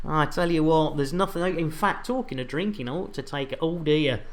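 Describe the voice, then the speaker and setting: A man's voice: fairly high pitch, brisk, a crowd in the background. An English man streaming a space game live, chatting and joking with viewers as he reads their messages. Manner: jokey, chatty, banter with viewers.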